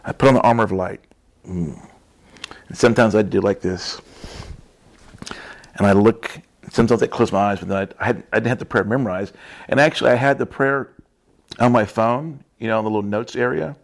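A man's voice: fairly low pitch, fairly quick, creaky, long pauses. A man preaching in a casual storytelling way, chatty and laughing often, with frequent tag questions.

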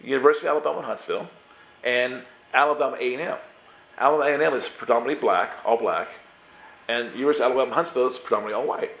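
A man's voice: mid-range voice, very fast. Man preaching in an echoey hall. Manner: lively storytelling, acts out dialogue, many restarts. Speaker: pastor. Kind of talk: sermon with personal storytelling.

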